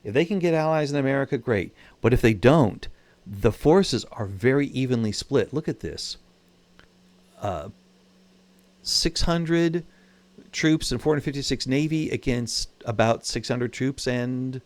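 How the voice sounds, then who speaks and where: A man's voice: medium pitch, lively intonation, a little slow, darkish tone. Chatty man narrating a strategy game. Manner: chatty, wry, thinks aloud. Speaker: gaming channel host. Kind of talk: casual gameplay commentary.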